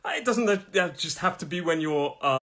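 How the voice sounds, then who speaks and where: A middle-aged man from England leads a live pronunciation lesson, his voice sitting a little high for a man. He chats freely, says each word slowly several times, and sounds as though he is losing his voice. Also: lively intonation, fairly bright tone. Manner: chatty, repeats each word slowly, laughs at own jokes. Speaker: pronunciation teacher.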